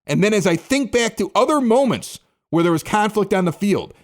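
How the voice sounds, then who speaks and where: Man, forties, from Chicago's South Side, former radio DJ, podcast host, candid storytelling, lively swinging pitch. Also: normal speed. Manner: animated, candid, self-critical. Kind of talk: casual storytelling commentary.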